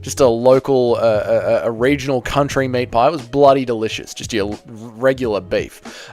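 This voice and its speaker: Speaking at a moderate pace in a medium-pitched, slightly mellow voice, an Australian man hosts a livestream, reading out comments and ribbing his chatters in jokey replies.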